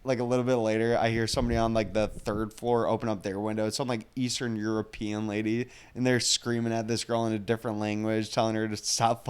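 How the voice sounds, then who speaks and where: A young man co-hosting a podcast, telling a story in a casual, animated way, swearing and laughing as he goes. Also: fairly low pitch, smooth. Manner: animated, profane, laughs through stories. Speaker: podcast co-host.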